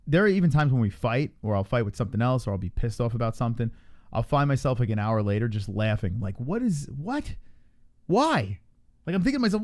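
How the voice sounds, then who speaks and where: A young man co-hosting a casual livestream, talking loosely with plenty of swearing and laughter, and jumping into high voices for quotes. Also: warm tone. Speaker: livestream co-host.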